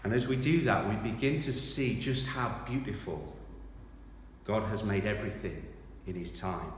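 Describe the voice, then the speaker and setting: A man preaching a sermon, reading scripture aloud with loud dramatic emphasis and then dropping to quiet reflection. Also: fairly low pitch, normal speed, a little hiss or hum. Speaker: pastor. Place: large church hall. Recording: echoey hall from far off.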